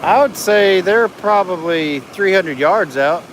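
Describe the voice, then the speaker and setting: A man's voice: high-pitched, animated, takes it slowly, a bit bright. Chatty middle-aged man filming outdoors. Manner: chatty, reads out viewer comments and narrates what he sees. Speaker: livestream host. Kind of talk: casual live-stream chat. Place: outdoors by a beach inlet. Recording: outdoor noise in the background.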